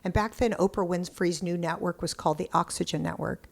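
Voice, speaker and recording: Woman, middle-aged, lowish voice, excitable, blunt, storytelling guest. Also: brisk, creaky. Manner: excitable, animated storyteller who acts out quotes; blunt, occasional cursing. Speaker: podcast guest. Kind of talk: casual interview storytelling.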